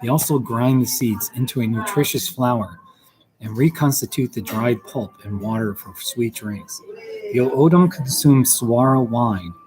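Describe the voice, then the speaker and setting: A man's voice: medium pitch, a little slow, poor audio. A man hosting a casual stream, reading aloud from a book and breaking off to comment on the pictures and laugh. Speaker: host. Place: coffee shop. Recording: busy café with crowd chatter. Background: crowd chatter.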